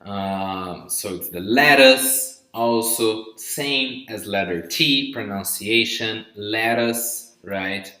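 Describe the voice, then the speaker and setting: Male teacher, live vocabulary lesson, very slow and deliberate, pronunciation drills, roomy echoey recording. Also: lowish voice, sharp tone. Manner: drills pronunciation, checks in with "okay?" and "right?". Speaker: English teacher. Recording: roomy echo.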